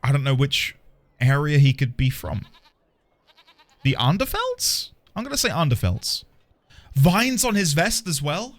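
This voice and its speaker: A man's voice: on the high side, a little slow, pauses often. A man streaming a video game, chatting playfully and animatedly with his viewers. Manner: playful and animated, talking to chat. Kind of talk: casual gaming commentary.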